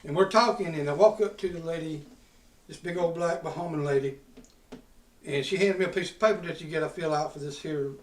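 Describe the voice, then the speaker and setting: A man with a fairly high voice tells a loud, profane story in a drawl. He is recorded from a distance, and the room around him is echoey. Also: a little fast. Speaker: podcast host. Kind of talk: casual storytelling. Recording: roomy sound from a distant mic.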